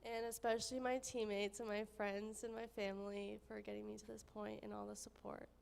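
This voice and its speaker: A woman's voice: mid-range voice, little pitch movement, brisk, gravelly, a little mellow. A teenage girl, a student athlete, giving short, grateful thanks. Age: teens. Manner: brief, grateful. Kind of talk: thank-you speech.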